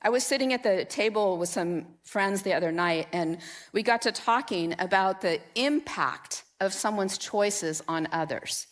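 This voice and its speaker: Woman pastor preaching with lively asides. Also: medium pitch, a little slow. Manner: conversational, animated storytelling with audience participation. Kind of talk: sermon. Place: church sanctuary.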